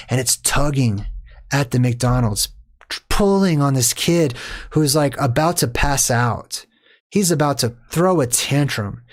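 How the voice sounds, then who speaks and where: A man, a father, hosting a movie commentary in a rambling monologue, lecturing his viewers in a preachy way. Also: a little high. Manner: preachy and lecturing, with many fillers and restarts.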